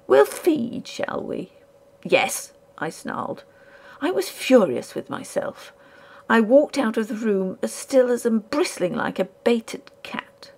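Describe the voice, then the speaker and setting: Woman reading a spooky old story, voice goes up and down a lot, bit of fry, drops to whispers. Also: mid-range voice. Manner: measured, hushed dramatic reading with whispered asides. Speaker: audiobook narrator. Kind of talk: scripted narration of a ghost story.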